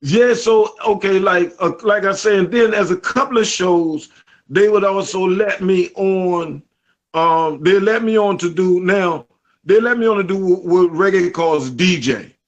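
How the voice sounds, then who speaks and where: With a high voice and a measured pace, this Southeast DC man, a reggae artist from Washington D C, spins stories while being interviewed. He animatedly acts out quotes in casual conversation, and the audio has its highs cut off.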